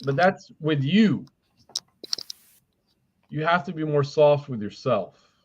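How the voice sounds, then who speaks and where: A man's voice: a little high, expressive, slow, slight background noise. Brief: male spiritual reader, blunt and profane, rambling delivery, muffled stream audio. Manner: blunt, swears casually, rambling restarts. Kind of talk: live spiritual reading.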